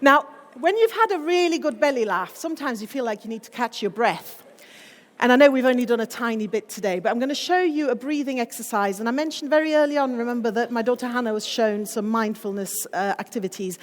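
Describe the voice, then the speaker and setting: A middle-aged woman giving a wellbeing talk to a school group, upbeat and encouraging, slowing to a soothing pace when guiding breathing. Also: a little high, big-room sound. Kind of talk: guided class activity talk.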